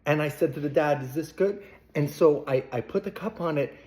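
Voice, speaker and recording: A man's voice: fairly high pitch, fairly quick, a little mellow. A man casually telling a rambling, chatty anecdote to the camera, with playful asides. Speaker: vlogger.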